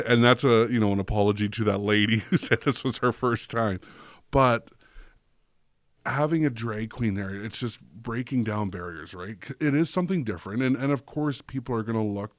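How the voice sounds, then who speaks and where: A man's voice: on the low side, no echo. A man telling stories as a podcast guest, chatty, with many fillers and restarts. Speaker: guest, drag performer. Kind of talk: casual podcast chat.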